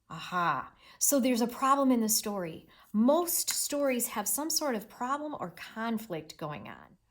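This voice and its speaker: A woman teacher giving a read-aloud reading lesson, talking expressively to children. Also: mid-range voice.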